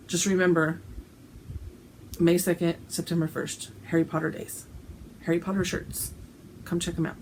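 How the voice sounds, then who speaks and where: A woman's voice: fairly low pitch, darkish tone, slight background noise, rough recording. A woman chatting casually to camera about her shirts, giggly, with plenty of ums and restarts. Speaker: cross-stitch vlogger selling shirts.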